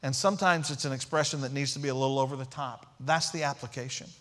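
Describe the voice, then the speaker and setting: A man's voice: medium pitch, steady tone, fast, a bit bright. A man preaching a sermon as pastor, emphatic, repeating key phrases and asking rhetorical questions.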